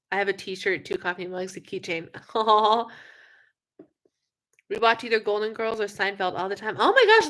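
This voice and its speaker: Young woman chatting on her live stream, bright tone, lots of ums, keeps yawning. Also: fairly high pitch. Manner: chatty, animated, yawning often, many fillers. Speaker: livestream host. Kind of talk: casual live chat with viewers.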